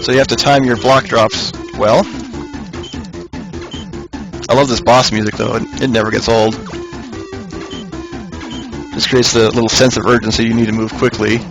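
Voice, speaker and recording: A man talks his way through a puzzle game in an easygoing voice of middling pitch, thinking aloud and chuckling now and then. Game music plays clearly behind him. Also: little pitch movement, normal speed, long pauses, poor audio. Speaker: let's play commentator. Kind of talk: casual gameplay commentary.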